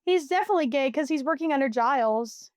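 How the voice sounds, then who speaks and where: A giggly, chatty woman joining a podcast as a guest. Her voice sits high. The sound is dry and close. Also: lively intonation, fast talker, a little mellow, no room sound. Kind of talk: casual chat.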